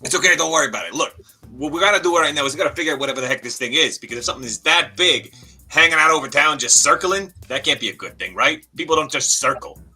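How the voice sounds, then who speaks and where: Fast-talking raspy man with a bright voice. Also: fairly high pitch, faint music behind. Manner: fast, chatty, excitable rambling. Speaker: player. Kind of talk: in-character tabletop roleplay.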